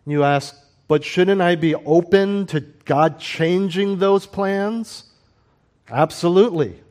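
Earnest preacher man, slightly high voice. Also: a little mellow. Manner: earnest preaching, rising emphasis on key points, slows for stress. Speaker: pastor. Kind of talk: sermon.

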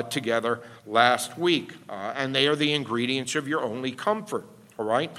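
A man's voice: on the high side, sharp tone. A man pastor delivering a teaching sermon, explaining step by step and often checking in with "all right?". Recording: long hall reverb.

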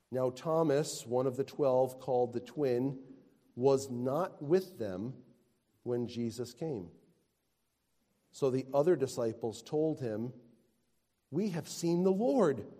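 Slow, emphatic preacher in a reverberant hall. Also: male voice, medium pitch. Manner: swings from hushed tenderness to loud emphatic declaiming. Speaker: pastor. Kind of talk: sermon. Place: church sanctuary. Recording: long reverb of a large hall.

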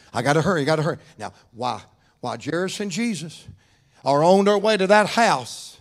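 Preacher, higher than usual male voice, fervent church sermon, loud cries dropping to near-whisper. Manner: fervent preaching with rising shouts and soft drops.

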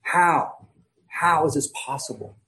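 Man, pastor, sermon, emphatic, slightly high voice, dramatic pauses. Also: fairly even intonation, bright, forceful tone, low-quality recording. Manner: emphatic preaching with dramatic pauses and swings in volume.

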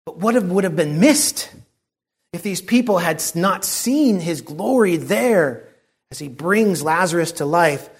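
A man preaching a sermon in an earnest, reflective way, often dropping to a soft hush. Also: high voice, lively intonation, measured pace, husky.

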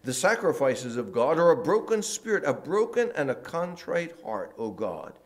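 A man preaching a sermon in a church, moving between loud emphatic lines and quiet, hushed ones. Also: fairly high pitch, sing-song, normal speed. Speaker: pastor.

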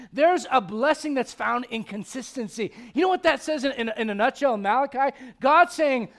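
A middle-aged male pastor preaching a sermon in a church, animated and joking, swinging from loud to hushed. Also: extremely high pitch, brisk, few pauses.

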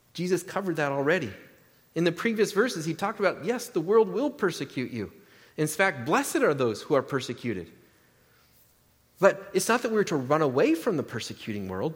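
A man's voice: a little high, long reverb tail. A man pastor preaching a sermon to his church in a conversational way, with humor and rhetorical questions. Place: church sanctuary.

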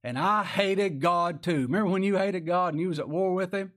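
A man's voice: sits high, fairly quick, fairly bright tone. A man preaching a sermon in a folksy, conversational way, asking rhetorical questions and chuckling as he goes. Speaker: pastor.

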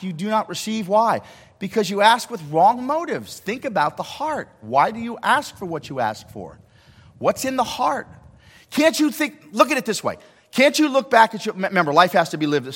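Middle-aged man, sermon, high bright voice, hushed to shouting, reverberant church hall. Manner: swings from hushed to shouting, acts out dialogue. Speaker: pastor.

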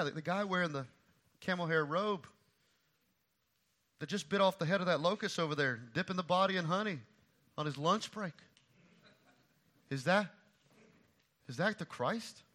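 A middle-aged man preaching a sermon as pastor, swinging from quiet asides to loud, repeated emphatic lines. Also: high-pitched, normal speed, long pauses.

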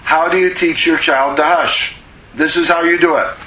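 A man preaching a sermon as a pastor, slow and emphatic, drawing out words to press his points. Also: a little high, fairly even intonation, pushed and bright, echoey room, low-quality recording.

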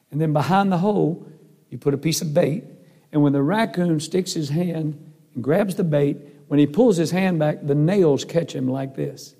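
A man's voice: fairly high pitch, gravelly, mellow. A man preaching a sermon and telling stories in an earnest, folksy way. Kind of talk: sermon with storytelling. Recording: long hall reverb.

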